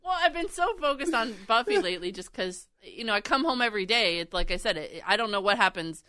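A woman's voice: mid-range voice, animated, quick pace, sharp tone, no room sound. A woman co-hosting a casual chat, telling stories and laughing often. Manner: storytelling with frequent laughs.

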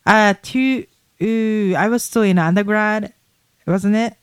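A woman from Japan in her thirties, co-hosting a podcast in casual chat, telling stories with animated laughter. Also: medium pitch, slow pace, noisy background. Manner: animated storytelling, laughs often. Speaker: podcast co-host.

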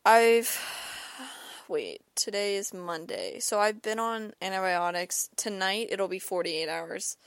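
On her own podcast, a young woman with an ear and throat infection meanders through a personal story, leaning on "like" and repeated words. Her mid-range voice is slow and clean-toned with lively intonation, and the recording is dry.

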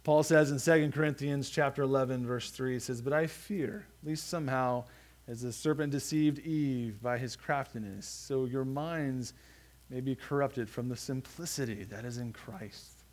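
A man preaching a sermon in an earnest, halting way, with frequent restarts and phrase endings that drop soft. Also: mid-range voice. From United States. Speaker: pastor.

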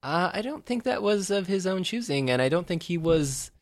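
A man co-hosting a podcast in casual chat, rambling and joking with lots of fillers and restarts, often jumping up in pitch when amused. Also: animated, normal speed, no room sound. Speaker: podcast co-host.

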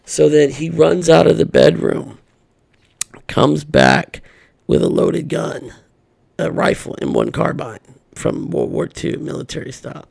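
A man's voice: on the high side, measured pace, a little mellow. A middle-aged man, a podcast guest, telling an earnest personal story and acting out what people said. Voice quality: gravelly.

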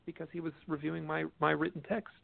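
A man, a guest author, telling stories in a casual interview, animated and often restarting his sentences, heard over a phone line. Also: fairly high pitch, fast talker, creaky, dry recording. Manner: animated storyteller, restarts a lot. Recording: tinny dry phone line.

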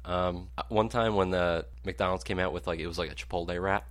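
Man, young adult, casual podcast chat, often laughing, low-pitched. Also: fairly quick. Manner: laughs often, high excited bursts when animated. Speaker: podcast co-host.

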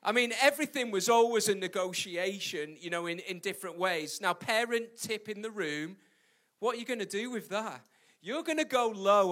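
A man's voice: high-pitched, a bit bright. A British man preaching a sermon, emphatic and repeating his key points, with jokey asides. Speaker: pastor.

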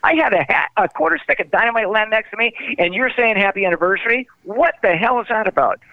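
This interview guest, once a tour manager, speaks quickly in a high voice with lively intonation. Over a dry, tinny phone line, he animatedly recounts road stories and acts out quoted dialogue.

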